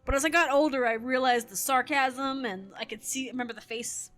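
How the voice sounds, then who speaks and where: A woman's voice: high-pitched, brisk, a bit bright. A woman in her thirties telling a story casually while gaming, rambling and correcting herself, with frequent laughter. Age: 30s. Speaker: gaming streamer.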